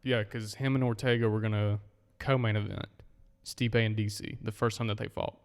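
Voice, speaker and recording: Low-voiced easygoing podcast co-host. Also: male voice, fairly even intonation, normal speed, clear, resonant tone. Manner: easygoing, agreeable, frequent short backchannels. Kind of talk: casual podcast chat. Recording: echoey room with long reverb.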